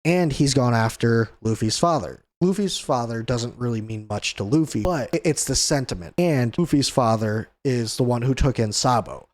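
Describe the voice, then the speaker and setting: A man with an ordinary mid-range voice talks through a comic chapter in a loose, casual way. He rambles and chuckles often, and slips into quick character voices as he goes. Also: mid-range voice. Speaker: host of a manga review channel. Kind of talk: casual chapter review chat.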